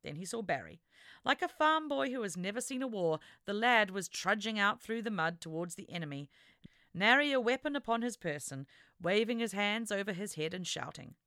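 Expressive woman narrating an adventure story. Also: mid-range voice, moderate pace, no room sound, studio quality. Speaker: audiobook narrator. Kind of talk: scripted narration.

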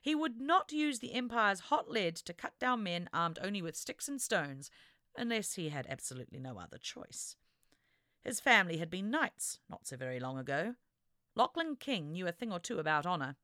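A woman reading an adventure story aloud as narrator, with expressive, dramatic storytelling. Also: on the low side, moderate pace, no echo, clean studio sound. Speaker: audiobook narrator. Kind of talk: scripted narration.

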